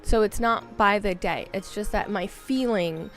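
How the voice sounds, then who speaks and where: A woman's voice: medium pitch, unhurried, soft background music. A woman in her thirties streaming a game, talking in a rambling, candid, self-mocking way. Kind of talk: casual chat while gaming.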